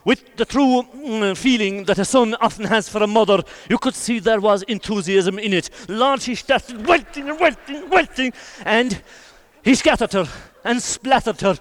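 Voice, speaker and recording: An Irish man telling a traditional folk tale, his colloquial delivery swinging between loud bursts and hushed asides. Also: high voice, a little slow. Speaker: storyteller. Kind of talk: traditional oral folk storytelling.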